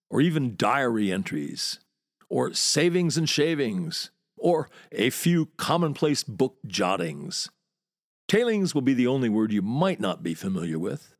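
An American man hosts a podcast, reading a wry monologue that relishes its words. His medium-pitched voice comes through in clean studio quality with no echo, and he tells it like a lively storyteller, fitting for someone who also guides walking tours.

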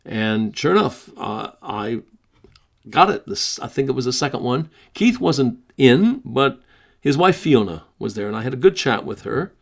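An American man hosting a podcast, talking conversationally with many pauses and reading a written story aloud. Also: medium pitch, sing-song, creaky. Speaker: podcast host.

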